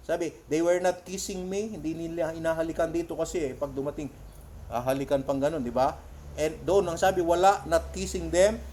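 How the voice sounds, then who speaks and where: A Filipino man preaching a church sermon. He reads English quotes slowly and loudly, then retells them in quick Tagalog. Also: fairly high pitch. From Philippines.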